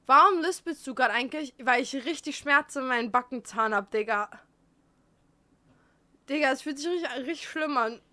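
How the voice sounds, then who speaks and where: A woman's voice: high-pitched, moderate pace, bright, forceful tone. A woman, chatting casually and bluntly on a livestream, teasing and joking. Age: 20s. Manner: blunt, teasing, switches between English and German. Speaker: streamer.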